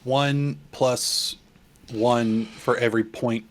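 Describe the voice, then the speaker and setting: A man's voice: mid-range voice, fairly even intonation, slow pace. A man casually chatting as a player in a tabletop role-playing game, laughing often.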